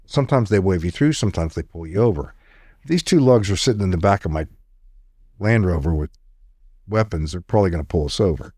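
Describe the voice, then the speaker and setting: A man's voice: low voice, a little fast, breathy edge, no room sound, clean studio sound. A middle-aged man, a podcast guest, telling a long story in conversation and acting out the dialogue he quotes. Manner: animated storyteller who acts out quoted dialogue. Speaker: podcast guest, retired intelligence officer.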